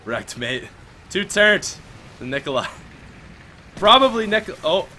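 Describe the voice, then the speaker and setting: A young man commentating his own gameplay, chatty and excitable, with outbursts and mock-British slang like mate. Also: high-pitched, a little hiss or hum. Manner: excitable, chatty, quick outbursts while playing. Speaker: gaming video host. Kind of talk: let's play commentary.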